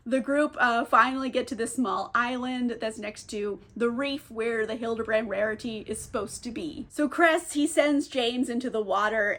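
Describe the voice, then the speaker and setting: A woman's voice: fairly high pitch, fairly bright tone. A young woman recapping a novel in a candid, sarcastic way, with lots of fillers and casual swearing. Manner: chatty, filler-heavy storytelling. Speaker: book reviewer.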